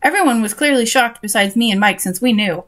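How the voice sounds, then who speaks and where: A woman's voice: on the high side, brisk, a bit bright. A young woman reading a story aloud and breaking off for sarcastic, exasperated comments on it. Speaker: reader and commentator.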